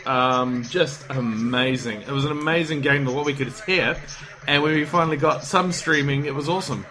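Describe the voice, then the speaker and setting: A man hosting a casual podcast, excited and rambling, swearing freely, tired from staying up late. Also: medium pitch, moderate pace, a crowd in the background. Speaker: podcast host.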